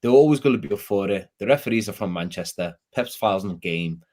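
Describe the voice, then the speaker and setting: Rambling Scouse man with a low voice. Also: lively intonation, quick pace, a little mellow. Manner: rambling, rueful, self-deprecating. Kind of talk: casual football fan chat.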